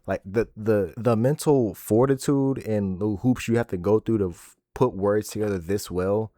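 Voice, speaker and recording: A man in his twenties hosting a music reaction video, excitable and profane, often repeating himself. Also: lowish voice, normal speed, no room sound, studio quality. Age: 20s. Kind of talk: casual reaction commentary. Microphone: desk microphone.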